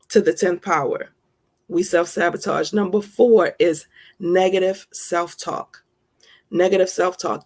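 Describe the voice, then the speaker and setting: Woman speaker, motivational self-help talk, emphatic and homespun, slight gravel in the voice. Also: fairly low pitch, a little mellow. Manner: emphatic and folksy, calls listeners honey.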